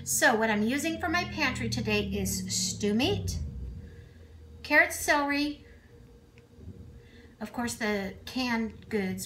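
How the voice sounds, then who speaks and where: A woman's voice: a little high, pushed and bright, a little hiss or hum. A middle-aged woman chatting casually to camera in her home kitchen, rambling with asides and fillers as she talks through a cooking vlog. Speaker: cooking vlogger.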